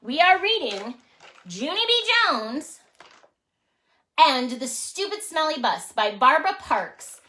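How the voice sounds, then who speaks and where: A woman librarian hosting a children's storytime, playful and animated as she leads songs and reads aloud. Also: sits high, slow. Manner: playful, animated, sing-song voices for kids.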